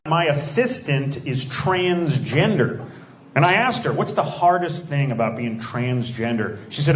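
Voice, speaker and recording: A man doing a stand-up routine and teasing the audience, delivering punchlines deadpan on a comedy club stage with a handheld mic. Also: a little high, slow, a little hiss or hum. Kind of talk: stand-up routine with crowd work. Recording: roomy club with loud audience laughter.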